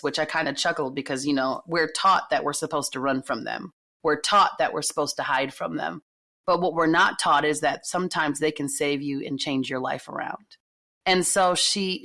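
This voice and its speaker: A woman's voice: low-pitched, a bit bright. A woman telling a personal story on a podcast, in an earnest, emphatic way with repeated phrases.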